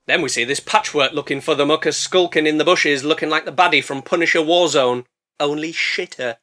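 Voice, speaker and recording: A man's voice: fairly high pitch, a little fast, pushed and bright. A man narrating a comedic movie review, sarcastic and full of swearing. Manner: sarcastic, profane, jokey. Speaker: film reviewer.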